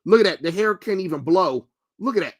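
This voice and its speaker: A man's voice: sits high, expressive, fairly quick, over loud music. A young man streaming live, reacting to trailers with blunt, mocking, profane rants. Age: young adult.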